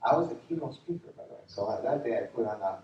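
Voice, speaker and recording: A man preaching a sermon as a pastor, telling stories in an animated way and laughing along with them. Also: mid-range voice, racing, slight background noise. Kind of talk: storytelling sermon. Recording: echoey hall, distant muffled mic.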